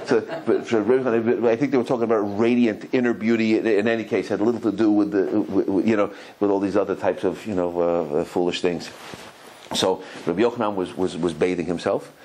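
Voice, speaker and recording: A man, a rabbi, giving a Torah lecture, telling stories animatedly, often repeating and restarting words, and acting out quotes with sudden high cries. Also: poor audio. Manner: animated storytelling, acts out quotes with high exclamations.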